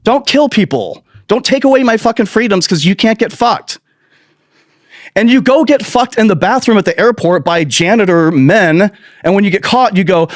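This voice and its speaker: A man's voice: sits high, animated, moderate pace, no echo, clean studio sound. A man hosting a podcast, delivering a profane, sarcastic political rant full of mocking mimicry. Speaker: podcast host.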